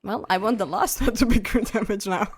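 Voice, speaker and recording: A woman live streaming a video game, chatting casually with her viewers, giggly and prone to excited squeals. English is not her first language. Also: medium pitch, normal speed, a little hiss or hum. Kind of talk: casual gaming stream chat. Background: faint game music.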